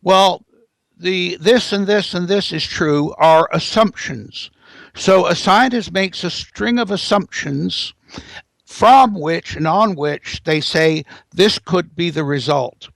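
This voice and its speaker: Gravelly high-voiced man lecturing. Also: slow pace, fairly bright tone, dry recording. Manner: lecturing, building points with rising emphasis. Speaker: guest expert. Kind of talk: interview, explaining at length.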